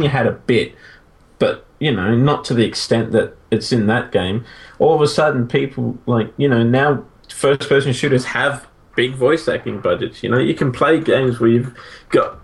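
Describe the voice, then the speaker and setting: Gravelly man in rambling game chat. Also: mid-range voice. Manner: enthusiastic, rambling, many fillers. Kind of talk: casual chat about video games.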